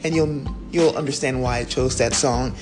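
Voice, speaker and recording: A woman's voice: extremely low pitch, steady tone, moderate pace, over music. A woman hosting an interview, upbeat and chatty, laughing often. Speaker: podcast host. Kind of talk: casual interview with a friendly intro.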